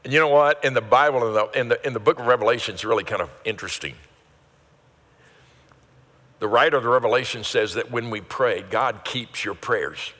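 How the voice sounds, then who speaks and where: Briskly and with a fairly bright, mid-range voice, an older pastor delivers an earnest, repetitive sermon that climbs to emphatic peaks. The church hall around him is reverberant.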